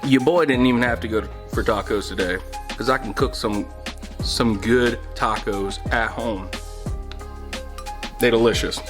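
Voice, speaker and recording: A man's voice: medium pitch, unhurried, pauses often, over music. A man, chatting casually as a vlogger while cooking in his home kitchen, laid-back and rambling. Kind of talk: casual vlog chat.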